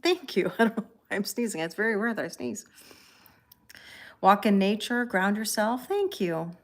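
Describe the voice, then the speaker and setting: A woman hosting a tarot livestream in a calm, chatty way, reading viewer comments aloud and thanking people by name. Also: mid-range voice, moderate pace. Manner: calm and relaxed. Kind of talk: casual livestream chat.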